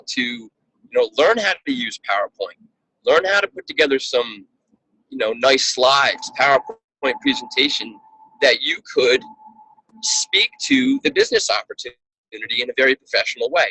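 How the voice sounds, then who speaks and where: A man's voice: medium pitch, a bit bright, breathy edge, no echo, rough recording. A man coaching a team member over a call, talking earnestly and often repeating words as he restarts his sentences.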